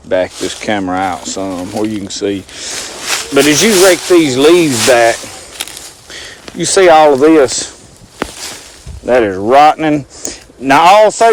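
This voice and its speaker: With a fairly high voice and a little hiss or hum on the recording, a man vlogs a casual outdoor demonstration in the woods. He rambles in a folksy way to the viewer through his handheld camera mic.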